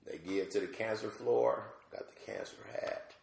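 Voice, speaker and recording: A man from Georgia telling a comic story in casual chat, animated and acting out other people's voices. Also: moderate pace, creaky, roomy sound. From Georgia, USA. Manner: animated, acts out voices with big pitch jumps. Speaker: comedian guest.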